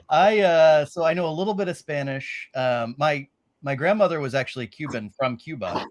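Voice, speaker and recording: A man guest on a live podcast, relaxed and hesitant, pausing with fillers in casual chat. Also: fairly high pitch.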